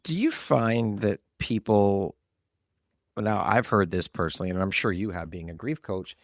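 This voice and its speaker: Deep-voiced man hosting a podcast. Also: moderate pace, dry recording, clean studio sound. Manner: affirming, gentle listener. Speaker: podcast host. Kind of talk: interview questions.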